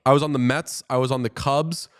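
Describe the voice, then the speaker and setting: Animated, joking man co-hosting a sports podcast. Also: medium pitch, fairly quick. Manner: animated, joking, swears freely. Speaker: podcast co-host. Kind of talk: casual sports chat.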